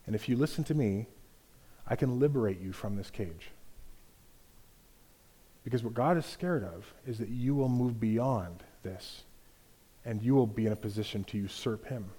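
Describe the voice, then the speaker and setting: A sly male serpent leans in and coaxes in a low, hushed, conspiratorial murmur, as a preacher puts him on. The tone is mellow and dark, never raised. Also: normal speed, long pauses, breathy edge.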